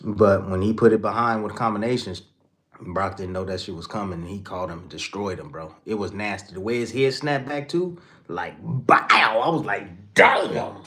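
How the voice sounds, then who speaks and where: A man hosting a boxing show, chatting casually with his viewers and reading out their comments in a slangy, animated way, exclaiming and swearing freely. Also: on the low side, brisk.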